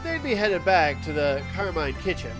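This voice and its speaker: A man voicing a small, brisk male merchant with a put-on accent while playing a game. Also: fairly high pitch, very animated. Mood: businesslike. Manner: puts on an accent. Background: game music.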